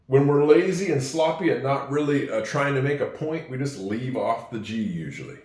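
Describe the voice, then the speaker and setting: A man teaching spoken English in a patient way, repeating phrases slowly so learners can follow. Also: medium pitch, lively intonation, roomy sound.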